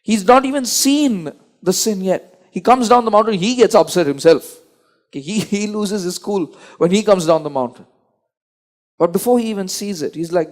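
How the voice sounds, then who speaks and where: A man's voice: high-pitched, normal speed. A man preaching a sermon, emphatic and repetitive, often restarting his sentences.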